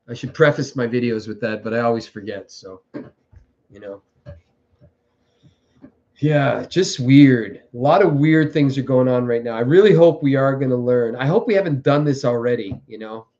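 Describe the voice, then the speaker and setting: A man hosting a live stream, talking in a meandering, halting way with many fillers and repeated words. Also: on the high side, darkish tone, muffled recording. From French background. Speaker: livestream host. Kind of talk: rambling live-stream monologue.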